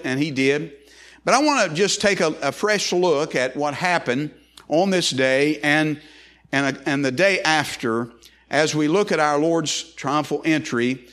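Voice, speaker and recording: A man's voice: on the high side, unhurried, a bit bright. A man preaching a sermon as pastor, folksy and loose, with frequent restarts and repeated words.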